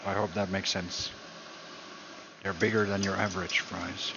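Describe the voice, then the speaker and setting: Rambling man with a low voice. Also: level tone, measured pace, creaky. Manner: rambling, jokey, repeats himself. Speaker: streamer cooking on camera. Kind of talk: casual cooking stream. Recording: dull lo-fi sound with background noise.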